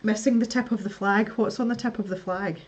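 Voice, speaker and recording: A woman hosts a casual live stream, chatting with her viewers while she builds, laughing a lot and muttering to herself. Her mid-range voice is steady in tone and brisk.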